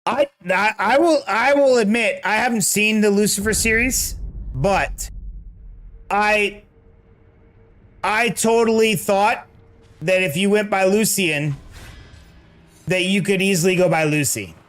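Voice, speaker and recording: A man's voice: high voice, unhurried, pauses often, a bit bright. Joking man streaming a game. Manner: chatty, joking, distracted while playing. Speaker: gaming streamer. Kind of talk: casual gameplay commentary with chat.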